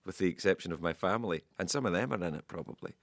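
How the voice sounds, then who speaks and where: A man's voice: deep voice, expressive, racing, gravelly, no echo, studio quality. A Scottish man speaking wryly and self-deprecatingly in an interview. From Scotland. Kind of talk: press interview.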